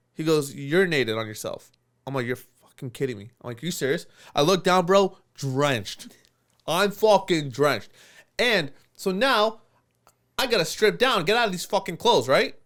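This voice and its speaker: A young man on a podcast, telling a long story in casual chat, swearing a lot and laughing as he goes. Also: fairly high pitch. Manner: animated storyteller, swears often, laughs through lines. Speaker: podcast co-host.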